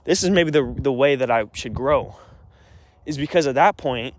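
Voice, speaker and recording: A man's voice: medium pitch, normal speed, dry recording. A young man telling a personal story in an agitated, rambling way, full of restarts and swearing. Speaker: vlogger.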